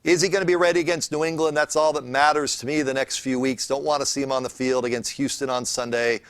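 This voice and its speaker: An energetic man hosting a sports talk show, opinionated and chatty, with a mid-range voice. The sound is dry and close, with no room echo at all. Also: mid-range voice, quick pace, clear, resonant tone.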